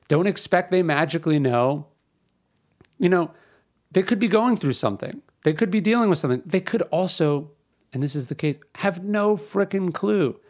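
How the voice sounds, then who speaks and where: A man in his thirties hosting a podcast, talking in a casual, emphatic way that slides into a rant. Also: on the high side. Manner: conversational, ranting, emphatic with repetition. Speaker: podcast host. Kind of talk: casual spoken commentary.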